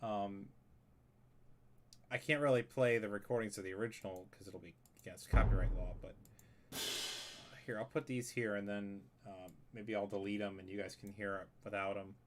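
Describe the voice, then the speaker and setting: A man's voice: lowish voice, steady tone, moderate pace. A man explaining a music arrangement in a casual tutorial, rambling and correcting himself as he thinks aloud while editing a score. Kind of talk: casual screen-share tutorial.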